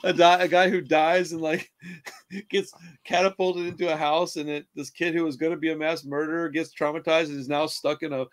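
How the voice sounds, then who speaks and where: A man's voice: on the high side, level tone, a little fast. A young man telling rambling stories in casual chat, swearing a lot and calling people dude and bro.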